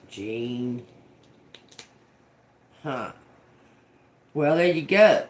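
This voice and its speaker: A man's voice: fairly high pitch, animated, takes it slowly, long pauses, a little hiss or hum. A man doing a casual tarot reading, rambling and cursing, often repeating single words as they come to him. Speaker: tarot reader.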